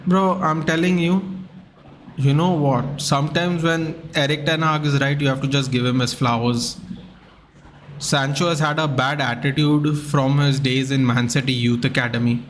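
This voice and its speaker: With a medium-pitched voice at a moderate pace, a man chats his way through a live football watchalong stream, reading out comments from viewers and growing excitable at goals. Slight background noise sits behind him.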